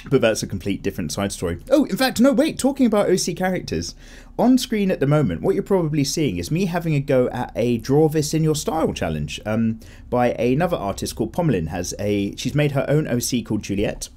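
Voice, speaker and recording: A young man chats easily while he sketches, drifting from one thought to the next and correcting himself as he goes. His voice sits at a middling pitch but swings up and down freely, giving a relaxed, animated feel. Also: a little fast. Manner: chatty, rambling, self-correcting with laughs. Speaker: art channel host. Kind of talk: casual chat while drawing.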